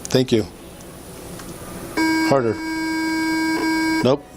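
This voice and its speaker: A man's voice: medium pitch, steady tone, drawn-out words, darkish tone. A male police officer at a roadside traffic stop, patiently repeating coaching commands, recorded on a body camera. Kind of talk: giving instructions at a traffic stop. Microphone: body-worn camera. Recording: noisy body cam audio.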